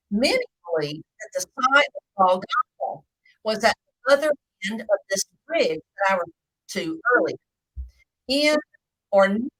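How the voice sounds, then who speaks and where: A woman giving a live video Bible teaching, speaking slowly and deliberately, with the occasional hiccup. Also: mid-range voice, dry recording, rough recording. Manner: slow, deliberate, lively intonation.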